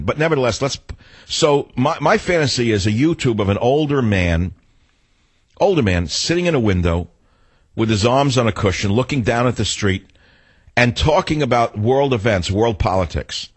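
A man's voice: medium pitch, expressive, moderate pace, breathy edge, no room sound. An older man hosting a talk radio show, delivering a combative, sarcastic monologue.

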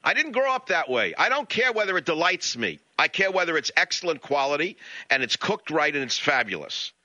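A man's voice: a little high, big pitch swings, a little fast, sharp tone, dry recording. A male radio talk show host delivering a blunt, sarcastic monologue into a studio mic. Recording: dull lo-fi radio audio.

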